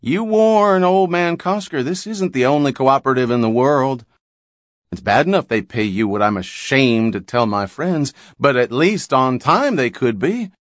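A man voicing a bossy, sharp-tongued older housewife in an audiobook, scolding and nagging. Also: mid-range voice, lively intonation, measured pace, dry recording, studio quality, voice pushed up, close to an everyday voice. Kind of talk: audiobook character reading.

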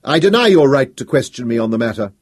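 A man playing a defiant street agitator, bold and taunting, loud when challenged, for a storybook reading. The voice is husky and dry, jumping high on sharp retorts and dropping to a slow, threatening calm. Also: no echo.

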